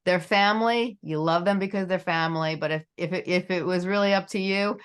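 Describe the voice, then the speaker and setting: A woman's voice: fairly low pitch, brisk, smooth. A middle-aged woman hosting a podcast interview in a casual, rambling way, leaning on "you know" a lot. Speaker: podcast host.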